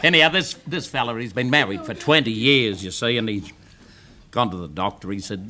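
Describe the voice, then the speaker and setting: A man's voice: mid-range voice, a little fast, sharp tone, slight background noise. An Australian man reading out a joke in a dry, laconic way on a live television comedy show. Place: television studio with live audience.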